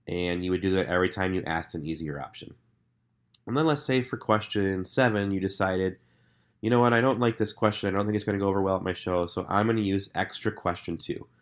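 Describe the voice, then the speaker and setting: A man with a cold and a nasal voice, casually walking quiz hosts through a scoresheet with lots of ums and uhs. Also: low voice. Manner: relaxed, filler-heavy, conversational. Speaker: staff member explaining a scoresheet to quiz hosts. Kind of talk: casual screen-recorded walkthrough.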